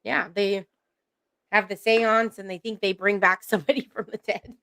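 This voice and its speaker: A woman's voice: medium pitch, fairly even intonation, normal speed, fairly bright tone, no room sound. A woman hosting a casual chat, upbeat and laughing often.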